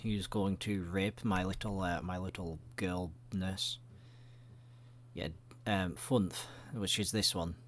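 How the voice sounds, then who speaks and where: A gaming video creator with a somewhat low male voice rambles through loose let's-play commentary at a slow, fairly even pace, cracking crude jokes and swearing freely. Faint hiss runs beneath his voice.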